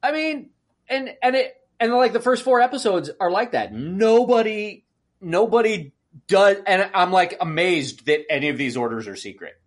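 A man co-hosting a podcast in casual chat, ranting with animated exasperation and acting out outbursts. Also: high-pitched, normal speed. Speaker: podcast co-host.

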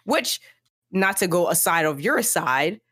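A woman's voice: fairly low pitch, unhurried, husky, dry recording, studio quality. A woman co-hosting a podcast, talking casually and with emphasis about a book chapter. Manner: animated, emphatic, repeats herself. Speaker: podcast co-host.

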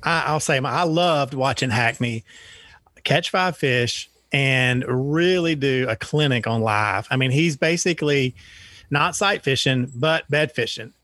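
A man's voice: medium pitch, measured pace, pushed and bright, no room sound. A man co-hosting a casual fishing talk show, easygoing and enthusiastic. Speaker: co-host.

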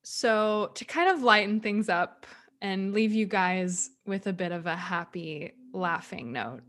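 A woman's voice: mid-range voice, unhurried, fairly bright tone. Playful woman podcast co-host. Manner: playful, laughing easily. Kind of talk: casual chat.

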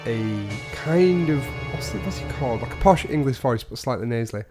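A man co-hosting a casual gaming podcast, full of cheeky jokes and quick banter. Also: medium pitch, animated, music in the background. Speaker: podcast co-host. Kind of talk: casual chat about video games.

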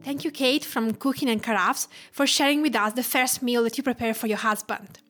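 A woman's voice: a little high, fairly even intonation, a little fast, fairly bright tone, soft background music. Italian-accented woman hosting a podcast. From Tuscany, Italy. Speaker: podcast host, cook and food writer. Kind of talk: scripted podcast narration.

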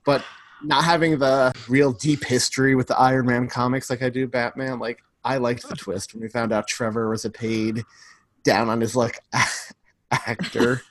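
A man's voice: mid-range voice, flat delivery, normal speed, no echo. A man co-hosting a podcast in casual chat, talkative and full of "like" fillers. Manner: talkative, fills speech with "like". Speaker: podcast co-host.

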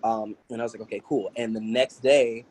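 A man speaking as a podcast guest, telling casual stories with lively energy and acting out other people's voices. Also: on the low side, a little fast, slightly rough, rough recording. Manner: animated, acts out quoted voices, laughs often. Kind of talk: casual storytelling interview.

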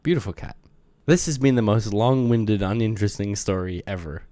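Young man, very low voice, deadpan casual storyteller, dry close mic. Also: fairly quick, no echo. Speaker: podcast co-host. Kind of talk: casual chat.

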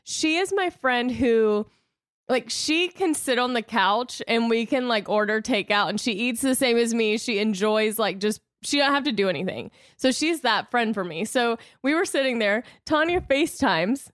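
A woman's voice: fairly high pitch, animated, normal speed, a bit bright, no echo, clean studio sound. A woman in her thirties co-hosting a podcast, chatting casually and telling stories with frequent laughs. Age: 30s. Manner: chatty storyteller, laughs often. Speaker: podcast co-host. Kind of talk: casual chat.

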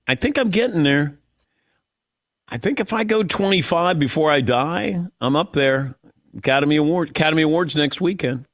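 A man's voice: fairly high pitch, expressive, normal speed. A middle-aged man hosting a sports radio show, talking in a wry, self-deprecating way and reading ads live. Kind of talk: casual radio banter and live ad reads. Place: radio studio. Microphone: studio microphone.

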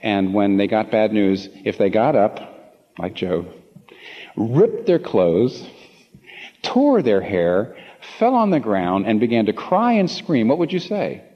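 A man preaching a sermon to a congregation, passionate, repeating phrases for emphasis and swinging from low asides to emphatic peaks. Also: very animated, slow. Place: large room before a congregation. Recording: long hall reverb, slightly muffled.

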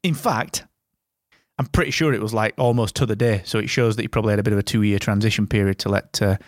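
A man's voice: on the low side, steady tone, fast, slight background noise. A man hosting a casual podcast, chatty and rambling, with a close, dry sound. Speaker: podcast host. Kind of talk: casual chat.

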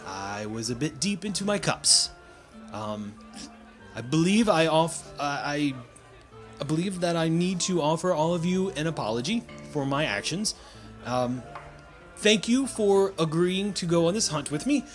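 A man voicing a polite young nobleman in a tabletop game, speaking in measured, formal phrases. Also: fairly high pitch, expressive, faint music behind. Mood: contrite.

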